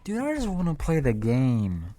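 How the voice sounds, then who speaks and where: A man's voice: mid-range voice, huge pitch swings, moderate pace, warm tone, slight background noise. A tired man chatting casually on a live stream while playing a game, goofy and rambling. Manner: goofy, rambling, laughs often.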